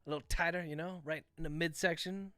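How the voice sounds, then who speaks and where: A man, an author, dictating a novel aloud on a livestream, speaking each punctuation mark, with relaxed, chatty asides to his viewers. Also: on the high side, fast talker, no echo, studio quality.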